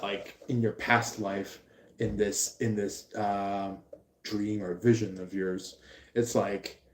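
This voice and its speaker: A man giving a live tarot reading, rambling and halting with many fillers. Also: fairly low pitch, darkish tone, a little hiss or hum. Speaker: tarot reader. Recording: roomy echo.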